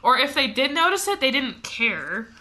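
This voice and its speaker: Young woman co-host from the US, casual and giggly, bright tone, pitched a bit high. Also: very animated, moderate pace. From United States. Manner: chatty, laughs often, lots of fillers. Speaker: podcast co-host. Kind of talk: casual chat.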